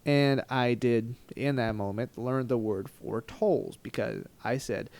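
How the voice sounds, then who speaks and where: A man telling a travel story in a rambling, animated, self-mocking storytime vlog style. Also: mid-range voice, unhurried, hardly any pauses, dry recording. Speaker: travel vlogger.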